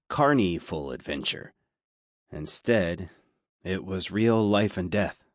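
A man reading a story aloud as an audiobook narrator, steady and measured. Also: lowish voice, dry recording, clean studio sound. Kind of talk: scripted narration.

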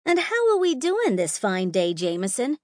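A woman's voice: fairly high pitch, wildly swooping pitch, moderate pace, dry recording, studio quality, voice pushed up. A woman voicing a smug, teasing mother figure with a sing-song, condescending manner in an audiobook.

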